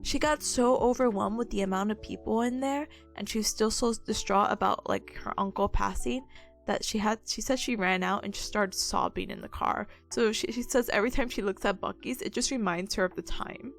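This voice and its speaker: A woman's voice: medium pitch, a little fast, creaky, soft background music. A woman streaming and chatting casually, telling stories in a bubbly, giggly way. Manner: giggly, bubbly storytelling, frequent laughter.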